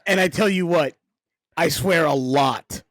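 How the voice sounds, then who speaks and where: A man's voice: fairly high pitch, a little slow, a bit bright, no echo. A man joining in the banter as a podcast guest, making wry jokes. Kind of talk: casual banter.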